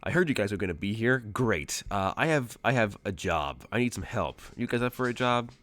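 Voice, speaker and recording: A man's voice: fairly low pitch, lively intonation, a little fast, fairly bright tone. A man voicing a brash, confident female rockstar with bionic arms in a tabletop game. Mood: eager. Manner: pushy, dismissive.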